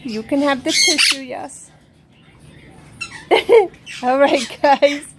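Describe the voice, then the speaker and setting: A woman with a high, bright voice chats slowly and unhurriedly to her camera, often breaking into giggles. She coos baby talk at her parrot as she talks. Loud bird squawks and chatter fill the home recording around her. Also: steady tone. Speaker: parrot-keeping vlogger. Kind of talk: casual vlog talk. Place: home with pet birds. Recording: noisy, squawking birds behind.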